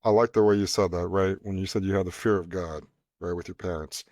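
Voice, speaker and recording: A man co-hosting a podcast, telling stories in an animated way and chiming in with agreement. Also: deep voice, quick pace, no echo. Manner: animated storyteller, frequent agreement sounds. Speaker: podcast co-host. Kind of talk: casual chat.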